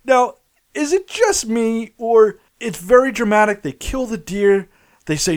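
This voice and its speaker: A man chatting through a film on a casual podcast, his voice sitting a touch higher than most. He riffs and jokes, often breaking into laughter. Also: moderate pace, a bit bright. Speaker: podcast co-host. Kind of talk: casual comedic movie chat.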